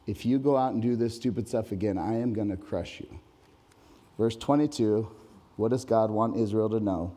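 A man preaching a sermon in a church hall, animated, rising loud and high whenever he reads scripture aloud. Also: normal speed. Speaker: pastor.

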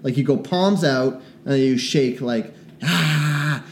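A man's voice: medium pitch, measured pace, darkish tone, a little hiss or hum. A man co-hosting a podcast, joking and rambling in casual comedic chat. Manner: joking, rambling, puts on bad British accents. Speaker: podcast co-host.

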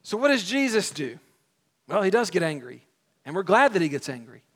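A man's voice: high-pitched, very animated, a little fast, fairly bright tone. A young adult man preaching a sermon in a conversational way, acting out the people in the story he tells. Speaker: pastor.

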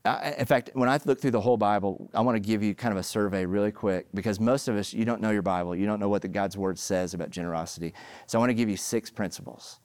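This middle-aged pastor talks fast in a voice on the low side, with no room sound. His sermon stories are animated and emphatic, climbing to loud peaks.

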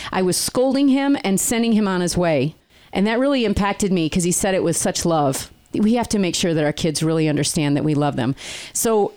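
Middle-aged woman host, casual storyteller, quick to laugh. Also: on the low side, a little mellow. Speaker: podcast host. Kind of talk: casual chat.

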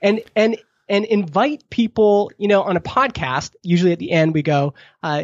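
Animated man acting out quotes. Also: moderate pace, hardly any pauses, no room sound. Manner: acts out quoted questions, pitch jumping up. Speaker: podcast guest, product marketer. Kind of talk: animated advice-giving in conversation. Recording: dull lo-fi dry sound.

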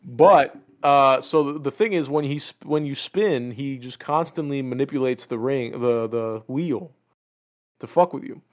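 Podcast co-host, male, swears a lot, animated when he tells a story, mid-pitched voice. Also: measured pace. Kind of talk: casual gaming chat.

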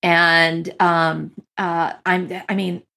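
A woman co-hosting a fan podcast talks in a loose, casual way, stopping on fillers and restarting her sentences. Her voice sits a little low and has a gravelly rasp. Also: flat delivery, drawn-out words, bright, forceful tone. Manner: chatty, thankful, with fillers. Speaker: podcast co-host. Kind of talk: casual chat.

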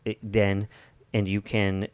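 A coach with a fairly low voice talks reflectively in a casual chat, often breaking off and restarting his phrases. His voice is close and dry. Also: completely flat delivery, slow, a little mellow, smooth, dry recording.

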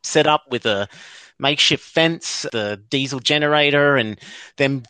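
A man's voice: medium pitch, unhurried, sharp tone, clean tone, dry recording. A man hosts a casual chat, recapping an episode in a rambling way and chuckling as he goes. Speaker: podcast host.

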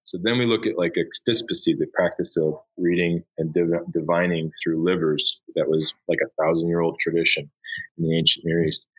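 Lively, low-voiced male teacher. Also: normal speed, rough recording. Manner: enthusiastic storyteller, acts out voices. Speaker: high school Bible teacher. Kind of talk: conversational interview.

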